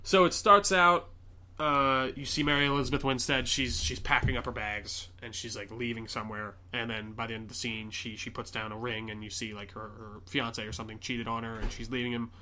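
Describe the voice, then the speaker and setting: A man hosting a podcast, chatting casually and excitedly retelling a movie with lots of fillers. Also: mid-range voice, fairly quick. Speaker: podcast host. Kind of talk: casual chat.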